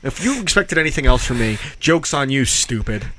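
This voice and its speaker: A man's voice: medium pitch, big pitch swings, brisk, very noisy. A man co-hosting a podcast, joking and teasing in casual banter. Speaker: podcast co-host.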